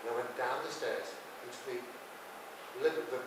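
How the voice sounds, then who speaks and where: A man's voice: medium pitch, fairly even intonation, fairly quick. A man giving a drama masterclass, talking conversationally and telling a vivid story in a drama studio. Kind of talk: teaching and storytelling monologue. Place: drama studio with dark curtains. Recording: echoey hall, mic far off, background noise.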